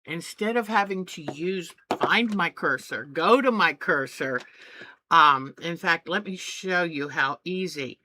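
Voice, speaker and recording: A woman hosting a home crafting tutorial, talking in a slow, unhurried way. Her voice is somewhat low yet bright and forward. She chats eagerly, often breaking off one thought to start the next. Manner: chatty, eager, trails off mid-sentence. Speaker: craft channel host.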